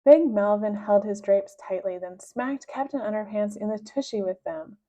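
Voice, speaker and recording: A woman reading a children's book aloud with expressive, lively narration. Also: moderate pace. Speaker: reader. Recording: dull low-fidelity sound.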